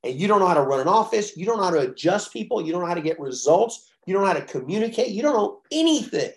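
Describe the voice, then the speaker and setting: A man coaching chiropractors in a blunt, profane, animated way, telling stories. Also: high-pitched, quick pace. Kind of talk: profane coaching talk on a call.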